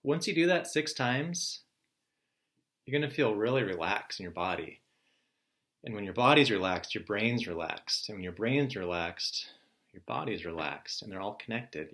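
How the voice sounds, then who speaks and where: A male teacher giving his students a recorded morning message, relaxed and encouraging, explaining things step by step. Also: fairly low pitch, vocal fry.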